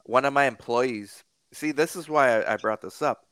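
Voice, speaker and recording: A man's voice: mid-range voice, normal speed, fairly bright tone, clear, resonant tone, dry recording. A man hosting a podcast, chatting in an easygoing, agreeable way. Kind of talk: casual conversation.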